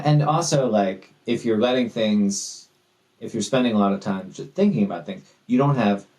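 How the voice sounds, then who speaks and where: A man with a low voice talks through his ideas as a podcast guest. He sounds thoughtful yet animated, with a self-deprecating streak. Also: poor audio. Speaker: guest author. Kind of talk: casual interview chat.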